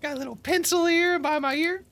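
A woman's voice: high-pitched, fairly even intonation, fairly quick, a bit bright, dry recording. A woman playing a chatty young male elf reporter in an improvised comedy scene, eager and talking back.

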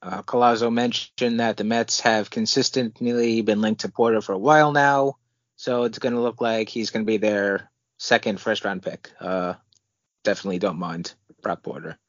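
A man co-hosting a casual sports podcast, relaxed, reading out draft news with his own asides. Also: fairly low pitch, normal speed, no echo, muffled recording. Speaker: podcast co-host.

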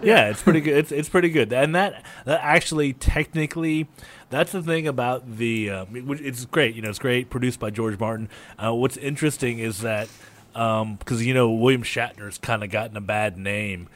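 A man's voice: mid-range voice, normal speed. Easygoing male podcast co-host. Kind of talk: casual chat.

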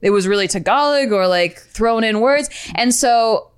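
A high-voiced woman chatting casually with friends, telling stories from growing up. She leans heavily on "like" and builds up heat and volume as she recounts her frustrations. Her delivery is conversational and unpolished. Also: expressive, moderate pace, clean tone. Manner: storytelling, heavy use of "like", gets worked up and loud. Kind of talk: casual chat.

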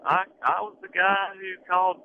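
Over a tinny phone line with faint noise, a man calls in to a radio talk show and argues heatedly. His voice is high-pitched, his intonation fairly even, his pace moderate, and he keeps repeating himself defensively while trying to get a word in.

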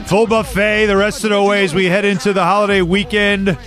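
A man hosting a sports radio show in casual, animated banter, with a New York accent. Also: high voice, soft background music. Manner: animated, quick banter with co-hosts. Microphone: studio microphone.

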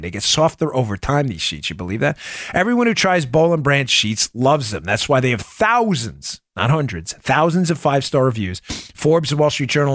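A man's voice: fairly high pitch, a bit bright, no room sound. Emphatic New York man, dry sound. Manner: emphatic, punchy, repeats key points. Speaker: political podcast host. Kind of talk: opinionated political talk and host-read ad.

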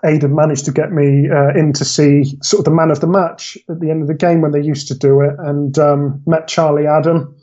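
A man telling a story on a podcast, his voice sitting a little higher than most. He rambles and restarts as he goes, in an easy, chatty way. The audio is dull and lo-fi. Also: little pitch movement, fairly quick, few pauses, dark tone. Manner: rambling, self-correcting storyteller. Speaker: podcast guest. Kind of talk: casual storytelling chat.

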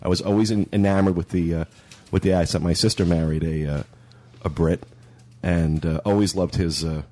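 A man's voice: deep voice, a little mellow. A man hosting a podcast in casual chat, talking in a chatty, rambling way. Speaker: podcast host.

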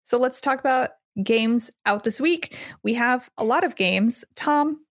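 A woman's voice: fairly high pitch, measured pace, no room sound, clean studio sound. A woman hosting a game podcast, running through news in an upbeat, casual way. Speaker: podcast host.

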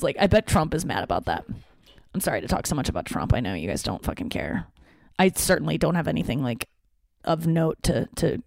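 A woman's voice: fairly low pitch, darkish tone, no echo. A young woman talking casually to her audience in a rambling, candid, self-deprecating way, swearing freely. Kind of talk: casual talking-to-camera monologue.

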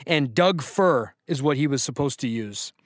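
A man's voice: medium pitch, lively intonation, moderate pace, no echo, studio quality. A man hosting a podcast trivia quiz, reading questions to callers and hyping them up with playful banter. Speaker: podcast host and quizmaster.

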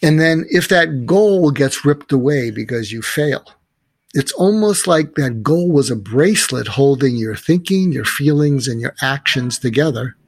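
A middle-aged man with a rough, gravelly edge and a slightly husky tone. He tells stories in a loose conversational way, circling back with fillers and restarts. The sound is close and dry. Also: mid-range voice, lively intonation, measured pace, dry recording. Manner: storytelling, many restarts and fillers. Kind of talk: casual conversational advice.

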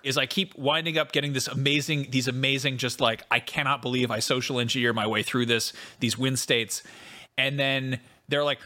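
A man co-hosting a casual podcast, telling gaming stories with animated, quick acted-out voices. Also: mid-range voice. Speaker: podcast co-host.

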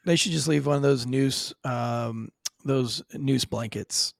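Gravelly-voiced joking man. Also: medium pitch, no room sound. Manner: crude, joking, quick and loose. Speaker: podcast co-host, former police officer. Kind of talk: casual true-crime podcast banter.

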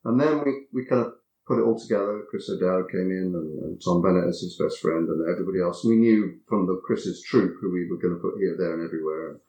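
A man with a very low voice, talking as an interview guest about his acting work. He is reflective and halting and often repeats a word as he gathers his thoughts. His voice carries a noticeable roomy echo. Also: warm tone. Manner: reflective, halting, repeats words while thinking. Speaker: actor being interviewed. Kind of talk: anecdotal interview chat.

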